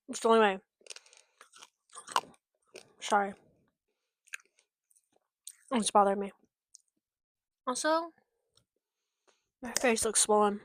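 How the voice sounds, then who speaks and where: Her voice sits a little high with a fairly bright tone, captured in a dry recording. The young American vlogger chats casually and frankly, rambling along with lots of fillers and regular cursing.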